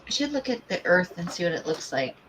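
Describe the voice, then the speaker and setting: A woman's voice: on the low side, big pitch swings, brisk, fairly bright tone, slight background noise, poor audio. A woman keeping someone company off camera, chatting casually in an offhand, lightly teasing way. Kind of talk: casual chat. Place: home workshop.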